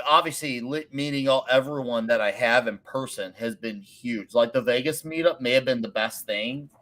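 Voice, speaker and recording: A man being interviewed as a guest, his voice on the lower side of ordinary for a man. He tells relaxed, rambling stories full of fillers and restarts. His delivery stays casual and friendly. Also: moderate pace. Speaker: guest creator.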